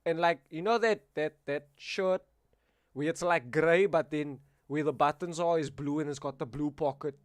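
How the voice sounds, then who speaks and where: A young man with a South African accent, telling animated, laughing stories in casual chat on a stream. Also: fairly high pitch, normal speed, no echo.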